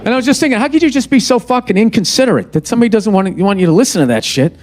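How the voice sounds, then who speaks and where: A man's voice: high-pitched, animated, very fast, a little mellow. Ranting comedian in his fifties, live crowd. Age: 50s. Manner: exasperated ranting, heavy profanity. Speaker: stand-up comedian. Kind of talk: stand-up comedy routine. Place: comedy club stage. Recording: live audience and crowd noise.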